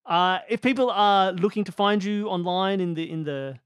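High-voiced man co-hosting, playful. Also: clear, resonant tone, dry recording, clean studio sound. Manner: playful, quick to laugh and tease. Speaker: podcast co-host. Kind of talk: casual chat.

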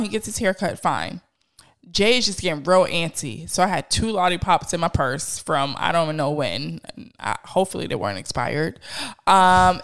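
A woman podcast host, telling stories in slangy, animated casual chat. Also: on the low side, gravelly, smooth. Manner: animated storyteller, slangy, laughs.

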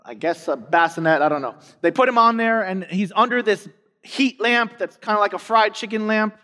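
Male pastor, conversational storyteller with emphatic repetition; high voice, big reverberant sanctuary. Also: normal speed, pushed and bright. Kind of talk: sermon. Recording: long hall reverb.

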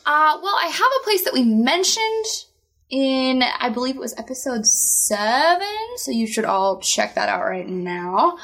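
A woman's voice: high voice, sing-song, unhurried, vocal fry, fairly bright tone. A woman co-hosting a podcast in casual chat, upbeat and chatty with playful exclamations. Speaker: podcast co-host.

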